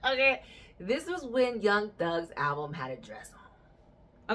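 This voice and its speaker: Animated young woman podcast host. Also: medium pitch, slow, long pauses. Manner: animated, frank storytelling with bursts of laughter. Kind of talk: casual podcast chat.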